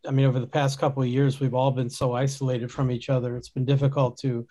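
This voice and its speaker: A man's voice: mid-range voice, flat delivery, fast, mellow. A man hosting a casual podcast conversation, talking in a rambling way with many restarts and fillers. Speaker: podcast host.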